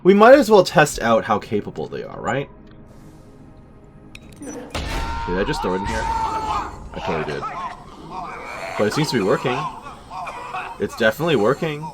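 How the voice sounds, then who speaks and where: A man's voice: medium pitch, wildly swooping pitch, moderate pace, pauses often, noisy background. A man giving casual let's-play commentary with chatty, wry asides. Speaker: gaming channel host. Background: game music.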